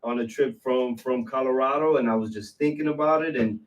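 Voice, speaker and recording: In a relaxed interview-style podcast chat, a New York man who owns a business tells how it came about, his pitch right in the middle. He runs through steps as rapid lists. The recording is rough and he sits far from the microphone.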